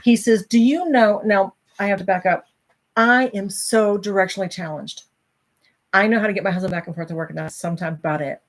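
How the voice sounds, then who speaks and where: A woman's voice: medium pitch, steady tone, brisk. Candid middle-aged woman reading aloud. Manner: candid, chatty, reacting to live viewers. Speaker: host reading and discussing a self-help book. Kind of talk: casual talk reading from a book.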